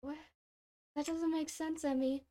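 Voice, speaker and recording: A woman co-hosting a podcast, telling stories in a casual chat while playing a video game, animated and laughing often. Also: sits high, a little slow. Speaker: podcast co-host.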